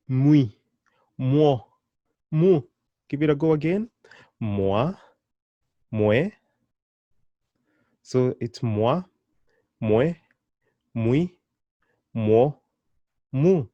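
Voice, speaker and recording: A man's voice: medium pitch, warm tone, no room sound, lo-fi sound. A man teaching a beginner pronunciation lesson, patient and encouraging, repeating syllables one by one. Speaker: language teacher.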